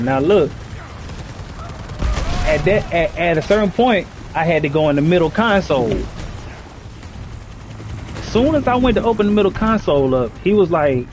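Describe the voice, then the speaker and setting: A man on a live stream, telling a story in an animated, slangy way with lots of "you know what I'm saying.". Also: on the high side, noisy background. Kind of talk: casual storytelling.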